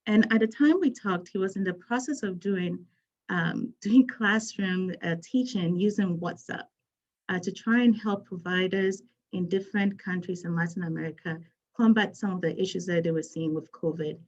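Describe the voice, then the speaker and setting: A woman's voice: fairly low pitch, moderate pace, darkish tone, dull audio. A woman from Ghana, a physician speaking on a panel, telling her story in an earnest, emphatic way. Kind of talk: panel talk.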